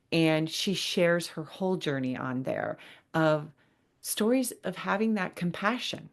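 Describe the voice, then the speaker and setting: A woman hosts a podcast in an unscripted solo monologue. Her voice sits a little low, and she talks earnestly and loosely, wandering off on tangents and restarting words as she goes. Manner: earnest, rambling, with many fillers and restarts. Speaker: podcast host.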